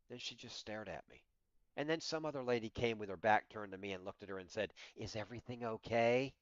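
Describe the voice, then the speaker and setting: A sixty-year-old man telling stories on a livestream, his voice smooth and clear and a little high for a man. The sound is dry and close, a touch dull at the top. He rambles, laughs easily and acts out his own quoted lines. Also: animated, brisk, a bit bright, dry recording. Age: 60s. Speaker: livestream host. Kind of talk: casual livestream chat.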